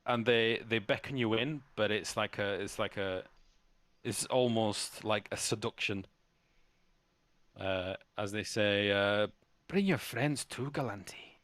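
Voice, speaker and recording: Low-voiced male game master, halting, dry sound. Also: fairly even intonation, a bit bright, no echo. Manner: halting, with many restarts. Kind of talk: narrating a tabletop game.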